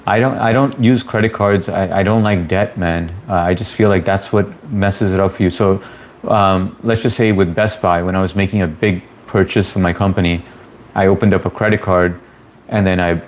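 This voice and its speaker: A man's voice: low voice, a little hiss or hum. A man hosting a casual livestream, reading viewer comments aloud and greeting people by name in a laid-back, chummy way. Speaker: livestream host.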